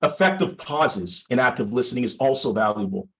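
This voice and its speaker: A man delivers a prepared teaching talk to fellow legal professionals at a mid-range pitch. He speaks in a measured, deliberate way and leans on emphatic pauses. His tone is explanatory and instructive. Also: rough recording. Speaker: personal injury lawyer. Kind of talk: prepared presentation for a legal audience.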